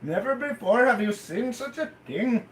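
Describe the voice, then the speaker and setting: A man's voice: extremely high pitch, animated, normal speed. A man from Canada live-streaming from a room with his pet snakes, bantering playfully with his chat in a casual, joking way. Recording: roomy, echoey room with faint noise.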